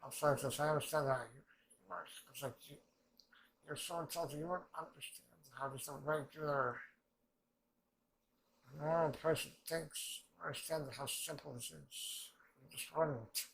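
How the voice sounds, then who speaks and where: A man's voice: on the high side, unhurried, vocal fry, poor audio. A man giving loose, rambling commentary as he reacts to an anime episode, swearing often and jumping between thoughts. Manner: rambling, excitable, swears a lot. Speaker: reaction channel host.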